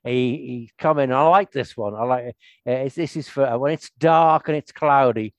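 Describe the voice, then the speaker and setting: A man's voice: medium pitch, normal speed, no echo. An older man hosting a podcast in casual chat, rambling with restarts and laughing often. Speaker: podcast host.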